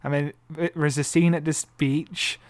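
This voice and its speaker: A man co-hosting a podcast in casual chat, thoughtful and hesitant, often trailing off softly. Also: on the high side, flat delivery, moderate pace, no echo. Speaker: podcast co-host.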